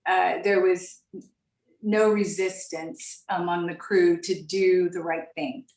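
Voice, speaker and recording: A middle-aged woman, a retired airline captain, telling stories in an interview at a measured pace with frequent restarts. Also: mid-range voice. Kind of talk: interview answers over a call. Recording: echoey, distant mic.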